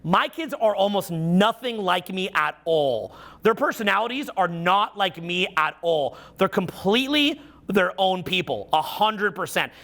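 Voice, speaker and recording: A man's voice: sits high, animated, a little slow, pushed and bright. A middle-aged man giving a live seminar talk as a social skills coach, telling profane stories full of acted-out quotes.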